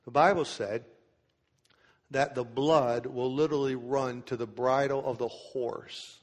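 A man preaching a sermon in a church. He reads scripture aloud slowly and then explains it in plain, casual terms. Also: medium pitch, fairly even intonation. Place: church sanctuary. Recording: long hall reverb.

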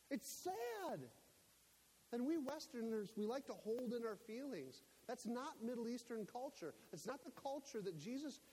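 A man preaching a sermon in a church, emphatic and climbing to near-shouts on his key points. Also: sits high, husky. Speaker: pastor. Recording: echoey hall with faint hiss.

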